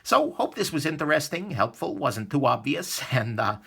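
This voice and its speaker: Chatty man with a bright voice. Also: a little high, big pitch swings, moderate pace, creaky, slightly rough. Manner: chatty and conversational, with frequent ums and asides. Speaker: host of a knife review channel. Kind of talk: casual talking-head tips video.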